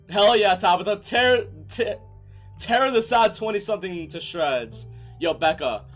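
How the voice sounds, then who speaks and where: Give me a young male game streamer with a slightly high voice and wildly bouncing pitch. He chats casually, swears freely, and erupts into shouted tirades. Soft music plays behind him. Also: measured pace. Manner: excitable, profane, breaks into shouted rants. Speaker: gaming streamer. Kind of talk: let's play commentary.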